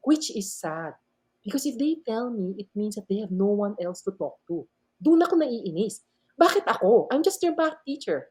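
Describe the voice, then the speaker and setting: A middle-aged Filipino woman tells stories in an interview, mixing English and Tagalog. Her pitch leaps and swoops as she acts out the dialogue. She talks like a professor, strict but expressive. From Philippines. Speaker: math professor and podcast guest. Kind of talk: animated storytelling interview.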